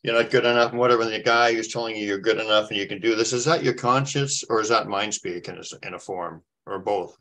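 A man's voice: fairly low pitch, quick pace, few pauses, bright, forceful tone. A male talk show host who asks joking questions and stammers over repeated words. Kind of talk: casual chat.

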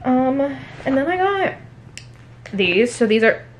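A woman chatting casually at home in a haul vlog, talking fast with many fillers. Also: high voice, very animated, slight background noise. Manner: chatty, fillers every few words. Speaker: book vlogger.

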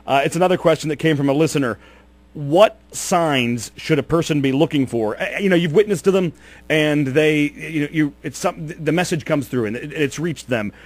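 A man's voice: a little high, moderate pace, dry recording. Dry-sounding male radio host. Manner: hesitant questioning with fillers. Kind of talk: radio interview questions.

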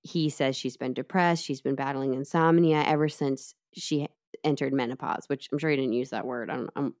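A woman casually retelling a true-crime case to her co-host, chatty and lively, with asides. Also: a bass voice, moderate pace. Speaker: podcast co-host telling the case.

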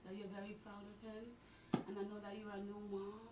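Middle-aged mum, halting and tearful, distant mic in an echoing room. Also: female voice, mid-range voice, monotone. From Trinidad. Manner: halting, repeats words, tearful. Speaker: streamer's mother. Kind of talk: emotional casual talk. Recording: roomy, distant mic, noisy.

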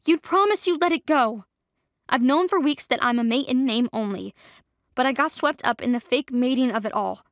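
A woman's voice: sits high, moderate pace, no room sound, clean studio sound. A woman voicing a heartbroken young woman rejected by her mate, pleading and tearful, in an audio drama. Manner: tearful, pleading, hushed at times.

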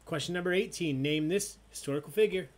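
A man's voice: fairly high pitch, fast. A man hosting an online trivia night, reading questions and joking with the players in a casual, chatty way. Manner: joking, chatty, drinking as he hosts. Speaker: trivia host.

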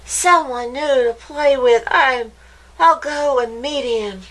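A woman voicing an eager young male bunny in a storybook, excitable and curious, with a bright bouncy delivery. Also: sits high, slow, pitched above the performer's own voice, full character voice, rough recording. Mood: excited.

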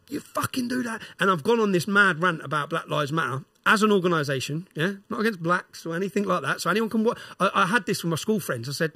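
A middle-aged man with an English accent tells his story at high speed, his voice husky and pitched high. He pushes each point hard and tags sentences with "yeah?". The sound is close and dry. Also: pushed and bright, no room sound. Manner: emphatic, fires "yeah?" tags at the listener. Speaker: podcast guest. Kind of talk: storytelling and ranting.

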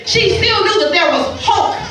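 A woman pastor preaching a sermon with impassioned swells that drop to a hush, heard in a large church. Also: extremely high pitch, animated, a little slow. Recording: echoey hall, far from the mic.

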